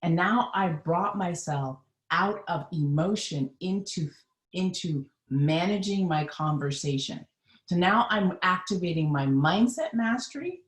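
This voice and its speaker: Woman, lowish voice, live-stream coach, emphatic and earnest, roomy echo. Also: animated, a little slow. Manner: emphatic, earnest, addresses viewers directly. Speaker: mindset coach.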